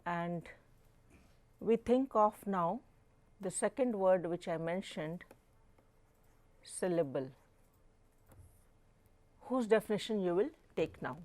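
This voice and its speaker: A middle-aged woman professor with an Indian English accent gives a slow, deliberate lecture, repeating definitions and stressing words to demonstrate pronunciation. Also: on the low side, animated, a little mellow. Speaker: professor teaching a live online course.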